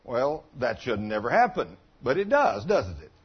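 A man's voice: medium pitch, wildly swooping pitch, normal speed, slightly rough, dull audio. A man preaching a sermon as pastor, telling folksy stories and putting questions to the congregation.

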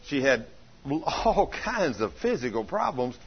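A man preaching a folksy sermon in a homespun, plainspoken way, telling a story with bursts of excitement. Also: mid-range voice, unhurried, slightly rough, highs cut off.

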